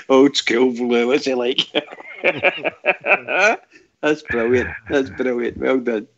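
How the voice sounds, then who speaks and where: A man's voice: mid-range voice, extremely slow, creaky, fairly bright tone. A man co-hosting a casual fan call-in show, laughing often and exclaiming. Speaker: radio show co-host. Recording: dull lo-fi sound.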